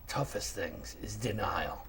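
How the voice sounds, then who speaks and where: A man's voice: on the low side, takes it slowly, fairly bright tone, slightly rough. A man in his sixties hosting a casual interview, chatty and sympathetic as he asks his guests questions. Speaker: talk show host.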